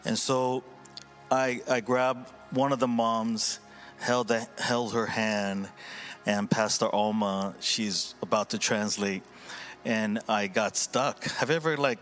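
A man, a pastor, sharing an earnest story and reflection from the pulpit, with many pauses, fillers and restarts. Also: on the low side, steady tone, a bit bright, faint music behind. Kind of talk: sermon reflection before communion.

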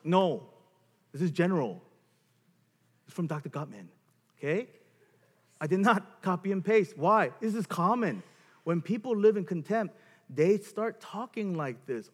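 A man's voice: on the high side, unhurried, pauses often, husky. A man giving a seminar talk to couples on marriage, speaking in an emphatic way and acting out examples. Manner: animated, emphatic, acts out examples. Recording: long hall reverb.

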